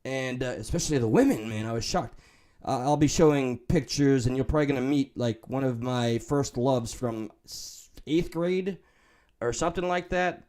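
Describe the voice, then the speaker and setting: A man's voice: mid-range voice, moderate pace, darkish tone. A man with a New York accent hosting a livestream, reading chat and talking candidly, swearing and joking as he rambles.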